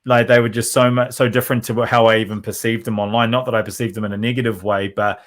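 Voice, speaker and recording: A man's voice: lowish voice, level tone, fast. A man who plays drums, a guest in a casual interview, who talks in long, rambling runs with lots of fillers. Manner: rambling, many fillers and restarts. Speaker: drummer guest.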